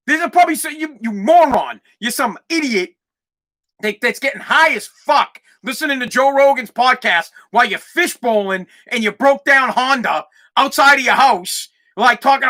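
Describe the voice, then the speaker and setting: A man hosting his own podcast, ranting loudly and profanely in a solo monologue. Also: very high-pitched, normal speed. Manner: loud, profane, animated rant. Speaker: podcast host.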